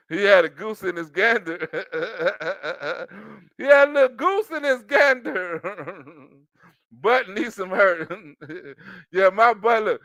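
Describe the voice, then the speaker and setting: A man's voice: high voice, expressive, slow, long pauses, sharp tone, no room sound. A man doing comedic reaction commentary, mocking and laughing often, with street slang.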